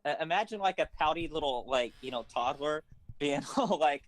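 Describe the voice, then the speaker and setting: A man's voice: on the high side, moderate pace, fairly bright tone, poor audio. A man directing a voice actor, talking casually on his phone, rambling and hesitant with many fillers. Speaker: writer and director.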